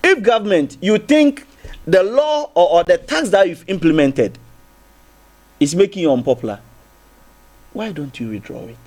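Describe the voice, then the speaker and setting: A man's voice: high-pitched, lively intonation, normal speed, pauses often, darkish tone. A man with a Ghanaian English accent arguing as a guest on a TV panel, circling back with repeated restarts and rhetorical questions. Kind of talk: heated TV panel debate.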